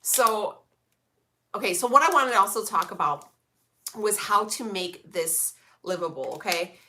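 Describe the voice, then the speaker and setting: Bright-voiced sassy young woman vlogger. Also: medium pitch, animated, moderate pace. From Illinois, USA. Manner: sassy, blunt, lots of slang and swearing. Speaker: vlogger reading live chat. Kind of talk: casual live-stream chat.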